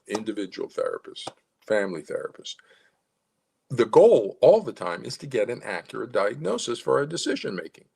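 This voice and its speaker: A man's voice: mid-range voice, vocal fry, a little mellow, husky. A man lecturing parents as a psychologist, rambling at times and stopping to demonstrate tones of voice. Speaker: psychologist giving advice to parents. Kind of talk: talking-head lecture.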